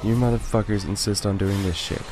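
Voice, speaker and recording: A man's voice: fairly low pitch, steady tone, fairly quick, darkish tone. A young man doing let's play commentary, swearing constantly and ranting in exasperation at the game. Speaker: gaming YouTuber. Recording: faint game music behind. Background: game music.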